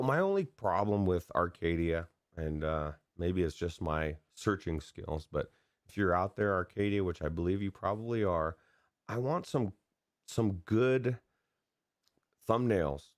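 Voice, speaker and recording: A man with a very low voice co-hosts a gaming podcast, rambling loosely and excitably, often restarting his sentences. He is recorded dry and close to the mic. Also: measured pace, no room sound. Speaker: podcast co-host. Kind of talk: casual chat about gaming news.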